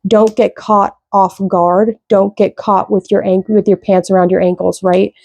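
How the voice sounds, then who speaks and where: A woman giving a casual tarot reading, rambling with lots of fillers, slow when she reads out card meanings. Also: mid-range voice, level tone, creaky, darkish tone. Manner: rambling, loose, with many fillers. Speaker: tarot reader.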